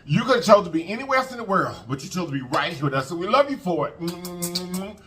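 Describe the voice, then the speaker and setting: Bright-voiced man telling a heartfelt story. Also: high-pitched, animated, fast, hardly any pauses. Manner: heartfelt, repeats phrases, thanks God often; colloquial, addresses viewers as y'all. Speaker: mukbang vlogger. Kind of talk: emotional storytime to viewers.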